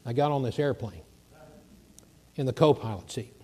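Animated man preaching a story. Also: medium pitch, moderate pace, breathy edge. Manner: animated storyteller, acts out quoted voices. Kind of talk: sermon storytelling.

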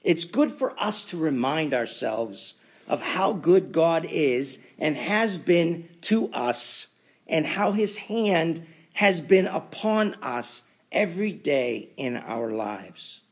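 A man preaching a sermon as pastor, building to emphatic loud peaks and then dropping to quiet asides. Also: on the high side, big pitch swings, slow pace, slightly rough.

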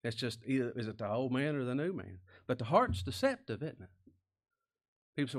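A man preaching a sermon as pastor, folksy and plain-spoken, asking rhetorical questions and sometimes dropping to a hush. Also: mid-range voice, lively intonation, fairly quick.

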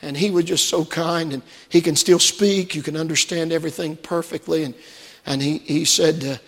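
Heard in a large hall of a church, a pastor with a voice on the high side preaches in a steady, fairly bright tone at normal speed. He speaks earnestly to his congregation, repeating phrases and posing rhetorical questions straight to them.

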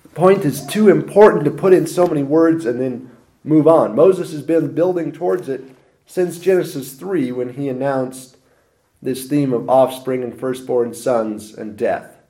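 Mellow-voiced man preaching with emphasis. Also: measured pace. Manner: emphatic, with strong swings of pitch and loudness. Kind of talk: sermon.

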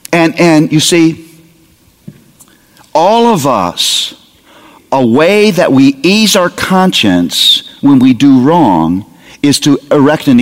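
A man preaching a sermon to parents, lively and humorous, acting out little scenes of talking to a child. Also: mid-range voice. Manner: animated, humorous, acts out parent dialogue. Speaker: pastor. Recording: long hall reverb.

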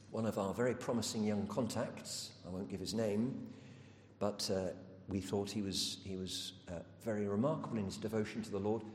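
Man, sermon, low voice, reverberant hall, faint rumble. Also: darkish tone. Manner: earnest storytelling with rhetorical questions. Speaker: preacher.

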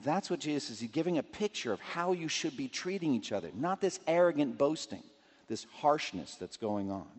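A man's voice: a little high, big pitch swings, moderate pace, big-room sound. A man preaching a sermon, walking through scripture and acting out quotes and everyday scenes. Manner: expository, acts out scripture quotes and scenarios.

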